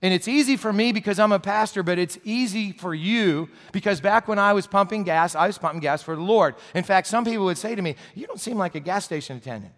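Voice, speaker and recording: A man's voice: sits high, brisk, hardly any pauses, a bit bright. A middle-aged man preaching a sermon as pastor, telling stories in a chatty, joking way. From New Jersey, US. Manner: conversational storytelling with humor. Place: church sanctuary. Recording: long hall reverb.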